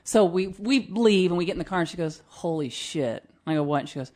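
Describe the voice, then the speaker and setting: A woman co-hosting a raunchy podcast, swearing freely and telling animated stories with acted-out quotes. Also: on the low side, brisk. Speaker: podcast co-host. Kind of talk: raunchy casual chat. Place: studio.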